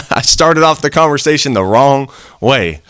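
A man's voice: mid-range voice, expressive, measured pace, fairly bright tone, clean tone, no room sound, clean studio sound. A man preaching a sermon in an earnest, conversational way, acting out little quoted exchanges.

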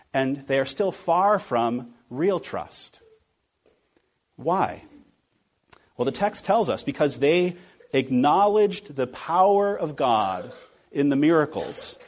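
A male pastor preaches a sermon in a rather high, husky, darkish voice. He hammers his points home with rhetorical questions asked again and again, and he deliberately slows down so the key words land.

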